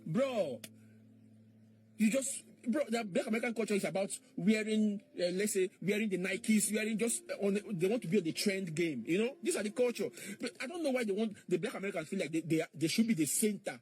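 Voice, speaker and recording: A man's voice: high voice, brisk, darkish tone. A man in a played clip, mockingly repeating questions in an argumentative monologue.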